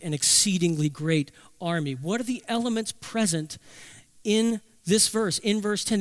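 High-voiced man preaching a sermon. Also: fairly bright tone, smooth, no echo. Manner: emphatic preaching, slows down for key phrases. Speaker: pastor.

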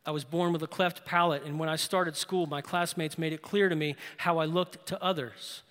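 A man preaching a sermon, telling stories and dropping low and slow for emphasis, then rising loud when he exhorts. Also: fairly even intonation, big-room sound. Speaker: pastor.

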